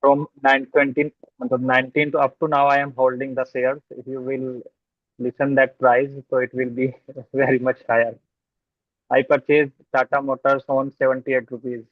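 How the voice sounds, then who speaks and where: A man's voice: medium pitch, flat delivery, moderate pace, no echo. A man with an Indian English accent, a student speaking informal broken English with Hindi fillers. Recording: tinny, dry phone-like audio.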